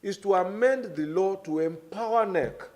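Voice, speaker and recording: A middle-aged man with a Nigerian accent speaks as a government minister at a formal public hearing. His voice sits a little high, and he explains his points in a measured, deliberate way, stressing key words. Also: a little mellow.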